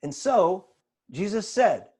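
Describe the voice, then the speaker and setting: A man giving a spiritual lesson over a video call, retelling scripture with dramatic, expressive emphasis. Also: sits high, slow, husky. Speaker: spiritual teacher.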